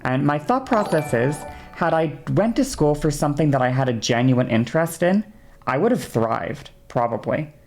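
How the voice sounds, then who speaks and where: A woman in her twenties, streaming and telling a story in a heated, swearing rant, often pausing to check in with her listeners. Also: low-pitched, lively intonation, a little mellow, faint music behind. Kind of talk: casual stream chat.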